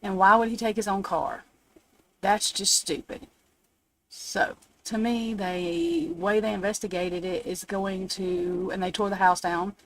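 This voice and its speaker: A woman's voice: medium pitch, flat delivery, a little slow, fairly bright tone, slight background noise, low-quality recording. A woman hosting a live stream, ranting bluntly and swearing, upset after crying. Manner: indignant, blunt, swears freely. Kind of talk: unscripted live stream rant. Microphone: phone or webcam, off camera.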